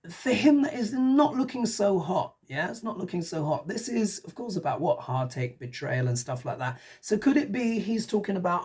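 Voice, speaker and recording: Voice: medium pitch, darkish tone, slightly rough. A tarot reader giving a casual, musing reading, talking it through aloud and often tossing in rhetorical questions.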